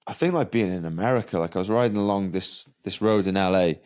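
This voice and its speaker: A Welsh man in his thirties, a professional cyclist, chatting relaxed and matter-of-fact during an interview on a massage table, sprinkling in "like" and "you know". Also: sits low, quick pace. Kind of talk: reflective interview chat.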